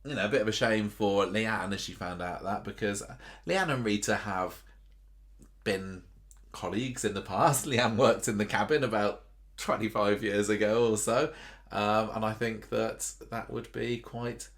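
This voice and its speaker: A man's voice: lowish voice, measured pace, a bit bright. Chatty man quizzing his co-host. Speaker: podcast co-host. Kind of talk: casual chat about a soap opera.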